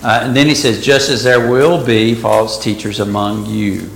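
A man with a gravelly, creaky voice teaching a Bible study. He reads verses aloud and breaks off to explain them in a casual way. The room is echoey, with a faint hiss behind him. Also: lowish voice, level tone, normal speed.

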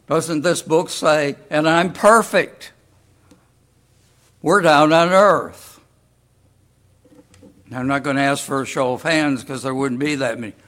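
A man preaching a sermon as pastor, deliberate and full of rhetorical questions to the congregation. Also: a little high, fairly even intonation, a bit bright.

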